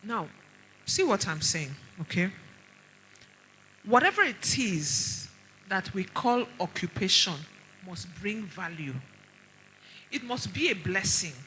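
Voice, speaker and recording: A middle-aged Nigerian woman, a doctor, giving an animated conference talk full of stories and pointed rhetorical questions. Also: mid-range voice, takes it slowly, long pauses, slight background noise, low-quality recording. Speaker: doctor speaking at a women's conference.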